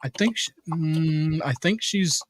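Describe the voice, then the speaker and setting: An older man co-hosting a casual live-stream chat, reading viewer comments aloud in a halting way, full of fillers and restarts. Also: fairly high pitch.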